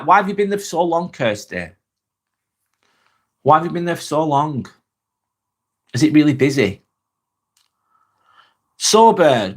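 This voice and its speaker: An English man hosting a live vlog from a spare bedroom, chatting casually with viewers, rambling and repeating himself with lots of ums, on a clip-on mic. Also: fairly high pitch. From England. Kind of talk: casual live-stream chat reading comments. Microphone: wireless clip-on mic.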